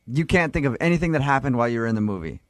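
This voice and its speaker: Male morning radio co-host, teasing and quick with questions, mid-pitch voice. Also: lively intonation, no echo, clean studio sound. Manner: joking, leads the interview with quick questions.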